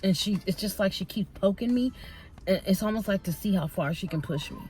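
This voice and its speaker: A woman's voice: medium pitch, fairly quick, darkish tone. A woman in her thirties vlogging casually, telling a heated story about work with lots of swearing. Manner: heated, profane storytelling, addresses viewers as y'all. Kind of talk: casual venting vlog.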